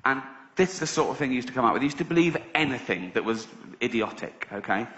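A man's voice: mid-range voice, animated, fast, pushed and bright, a little hiss or hum. A middle-aged man from England doing a stand-up comedy routine, conversational and swearing freely, often laughing at his own jokes. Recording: echoey dull live venue recording.

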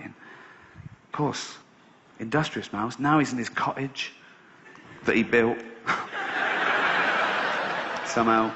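A man's voice: on the low side, fairly even intonation, unhurried, pauses often, sharp tone, a little hiss or hum. A man doing stand-up, telling a rambling, sweary story with sarcastic asides. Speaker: stand-up comedian. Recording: slightly dull live recording.

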